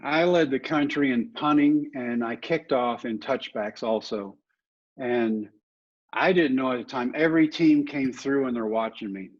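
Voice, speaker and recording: Middle-aged male guest, husky voice, lively anecdotal storyteller, slightly dull lo-fi audio. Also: medium pitch, a little slow. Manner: animated anecdotes, acting out other people's lines. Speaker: guest, former ballplayer and motivational speaker. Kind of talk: casual storytelling in a podcast interview.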